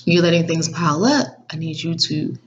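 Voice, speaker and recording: A woman voicing God as a firm, loving figure, speaking softly and calmly in a slightly muffled recording. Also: low-pitched, normal speed, natural voice. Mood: firm, instructive.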